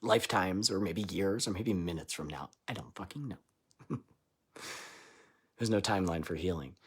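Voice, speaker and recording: Husky, low-pitched man; live spiritual channeler, irreverent and laughing, booming lines and muttered asides. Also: animated, normal speed. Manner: loose and irreverent, swearing and laughing between lines; swings between loud declarations and quiet asides.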